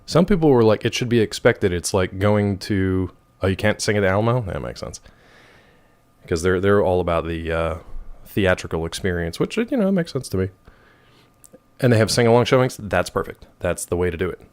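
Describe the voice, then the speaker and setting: A man in his thirties chatting casually with his stream viewers, rambling and wry, with a rough throat. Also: low-pitched, lively intonation, normal speed, a little mellow. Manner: rambling, wry, reacts to chat messages.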